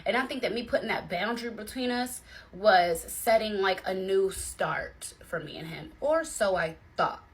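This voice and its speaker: A young adult woman telling a personal story to viewers in a chatty, animated way. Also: medium pitch, normal speed. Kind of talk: casual storytime chat. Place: bedroom.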